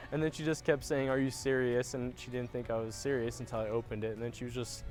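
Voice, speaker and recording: A young man, a groom-to-be, speaking in a wedding video interview, soft-spoken and halting with many fillers. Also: mid-range voice, over music. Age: young adult.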